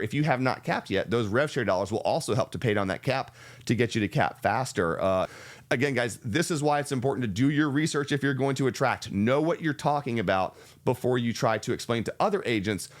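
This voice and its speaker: A man hosting a reaction video, explaining a business model in a measured, step-by-step way with some restarts. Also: mid-range voice, expressive. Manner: measured, explanatory, restarts and fillers, speeds up and slows down. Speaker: real estate channel host reacting to a video.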